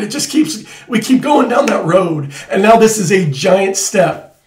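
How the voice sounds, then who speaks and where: A man's voice: sits high, normal speed. Guy ranting about politics, urgent, keeps repeating himself, echoey room, kinda far from the mic. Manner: urgent, repetitive, rising to emphatic outbursts. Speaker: host. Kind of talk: alarmed political commentary.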